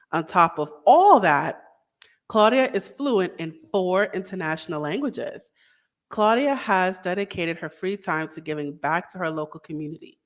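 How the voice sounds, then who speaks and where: A young woman hosts a casual talk show, opening a podcast in a chatty, enthusiastic way with little asides and self-corrections. Her voice sits on the low side, and the recording sounds lo-fi.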